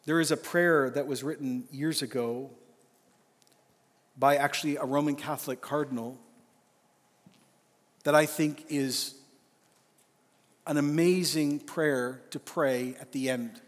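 At a men's conference, a man with a fairly high, steady voice preaches an earnest, emphatic sermon, slowing down when he reads out a prayer. The live hall has reverb, and faint music plays underneath.

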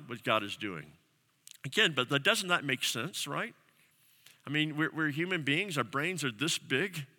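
A man's voice: on the high side, bright, forceful tone, big-room sound. A male pastor preaching a sermon, earnest and emphatic, building his points through repeated phrases and pointed questions. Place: church sanctuary.

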